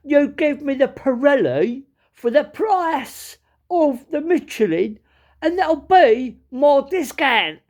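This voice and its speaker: A man putting on a Cockney accent to play a brash young Cockney man who complains loudly and haggles over a price. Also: very high-pitched, sing-song, voice pushed up, full character voice. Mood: cocky. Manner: loud, indignant, drawn-out complaining.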